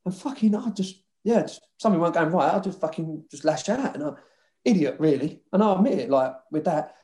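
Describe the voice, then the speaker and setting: Man, slightly high voice, swearing, laughing, casual storytelling. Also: animated, fairly quick, mellow. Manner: swears a lot, laughs often, mimics others. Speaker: former footballer guest.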